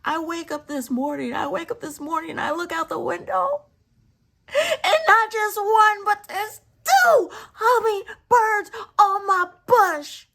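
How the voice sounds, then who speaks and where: A woman voicing her adult brother as he shouts with joy in high, loud, breathless bursts. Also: expressive, slow pace, full character voice. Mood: overjoyed.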